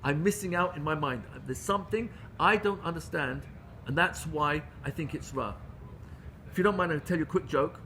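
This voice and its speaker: High, bright English teacher man. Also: moderate pace, a little hiss or hum. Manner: earnest, with many restarts and Hebrew terms. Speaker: rabbi teaching a class. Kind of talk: Torah class.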